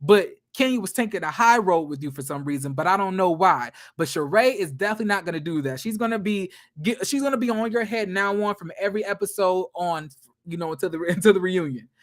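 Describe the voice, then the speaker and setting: A man giving a casual reality TV recap, with a blunt, profane and gossipy manner that is animated and quick to laugh. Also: high voice.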